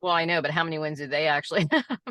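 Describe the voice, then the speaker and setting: A podcast co-host in casual chat, chiming in with quick questions, asides and frequent giggles. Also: mid-range voice, pushed and bright, no room sound.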